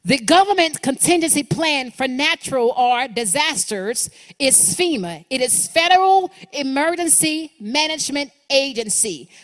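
A woman preaching a sermon, building rhythmic repeated phrases that rise and then drop low for emphasis. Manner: rhythmic repetition, rising and dropping emphasis. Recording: long hall reverb.

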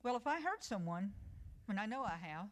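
A woman with a medium-pitched voice full of big pitch swings speaks briskly during a midweek church devotional. She's earnest and conversational, sharing personal stories and reading scripture aloud.

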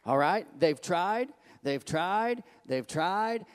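A man preaching a sermon as pastor, emphatic and repetitive, building to loud declarations. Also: on the high side, animated, slow pace, few pauses, clear, resonant tone. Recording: echoey hall.

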